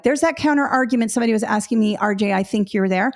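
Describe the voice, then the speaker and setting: A woman's voice: on the high side, fast talker. A woman from the Northeastern US teaching a live test prep webinar, talking bluntly and directly with chatty asides to her viewers.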